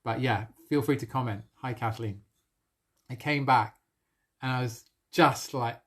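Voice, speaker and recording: A man sharing a personal spiritual experience on a live stream, earnest and emotional, with soft laughs between phrases. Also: mid-range voice, a little slow, breathy edge. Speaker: spiritual coach.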